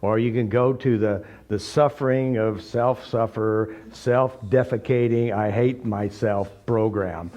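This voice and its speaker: A man giving an informal, blunt teaching talk full of jokes and animated stories. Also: fairly low pitch, measured pace, hardly any pauses. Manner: blunt, joking, animated storytelling. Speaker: therapy method teacher. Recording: slightly dull recording.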